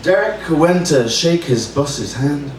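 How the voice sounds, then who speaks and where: A man's voice: fairly high pitch, lively intonation, slow. A man reading comic poems at an open mic, hesitant with many fillers between verses. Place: bar open mic room. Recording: roomy, distant mic, faint noise.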